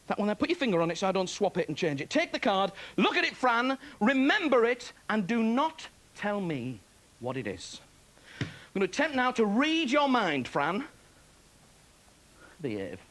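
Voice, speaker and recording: A man's voice: high voice, wildly swooping pitch, normal speed, fairly bright tone. A man doing a comic magic act on stage, chatty and self-mocking, chuckling at his own jokes, on a hissy 1990s TV broadcast. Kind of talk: stand-up comedy act.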